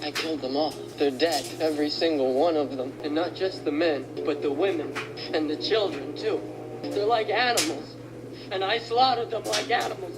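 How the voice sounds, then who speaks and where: A grief-stricken young man spills out a bitter confession, as an actor plays him, his voice sitting a little high. A steady noise runs under this film clip. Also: normal speed, natural voice. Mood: anguished.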